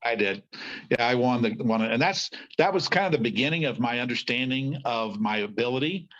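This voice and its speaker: Man in a mid-range voice, animated storyteller, slightly muffled recording. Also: mid-range voice, brisk. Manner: lively anecdote-teller, acting out the people he quotes. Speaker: podcast guest. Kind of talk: storytelling in a conversation.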